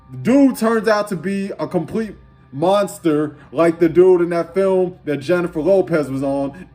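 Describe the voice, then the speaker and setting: A man's voice: high-pitched, unhurried, warm tone, faint music behind. A man giving a profane, preachy rant, repeating rhetorical questions over and over. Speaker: commentator. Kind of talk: ranting commentary over an instrumental beat.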